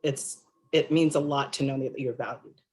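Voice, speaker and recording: A woman with a notably low voice speaks as a panelist. She tells a personal story earnestly, with feeling. Her delivery is heartfelt. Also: fairly even intonation, moderate pace, darkish tone. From Latina and Filipino heritage. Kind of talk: panel discussion.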